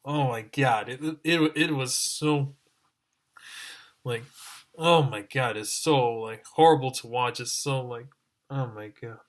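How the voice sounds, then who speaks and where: A man's voice: mid-range voice, slow pace. A man giving a ranting review as an online reviewer, exasperated and exclaiming over and over.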